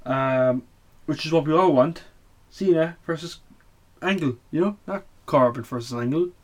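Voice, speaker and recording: A man's voice: on the high side, moderate pace. A man hosting a casual show recap, blunt and opinionated, swearing often and full of fillers. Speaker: wrestling podcast host.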